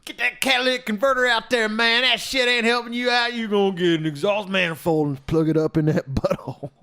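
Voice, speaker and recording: A man's voice: high-pitched, fairly even intonation, brisk, vocal fry, bright, forceful tone, clean tone, pitched above the performer's own voice, heavily acted. A man putting on the voice of a swaggering hillbilly mechanic, drawling and crude. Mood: joking swagger.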